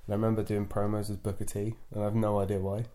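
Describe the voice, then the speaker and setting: A man's voice: fairly low pitch, little pitch movement, racing, warm tone. A man chatting as a podcast guest, telling rambling, self-deprecating stories about wrestling. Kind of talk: casual podcast conversation.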